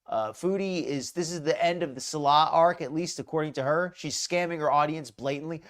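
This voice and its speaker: A woman's voice: sits low, a little fast. A woman hosting a live reaction stream, ranting with anger and sarcasm. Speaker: host.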